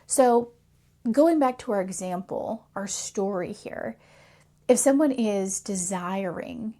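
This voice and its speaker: A woman's voice: medium pitch, animated, takes it slowly, warm tone. A woman host giving an earnest, reflective talk about faith and telling a parable. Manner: earnest and reflective, with occasional laughs. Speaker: faith coach and channel host. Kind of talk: faith teaching talk with storytelling.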